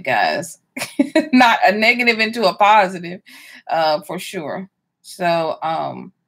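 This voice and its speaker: A woman chats on a casual livestream from home, welcoming each viewer by name with plenty of ums and laughs. Her voice sits at a middle pitch for a woman. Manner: warm greetings to viewers, frequent ums and laughs. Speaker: livestream host.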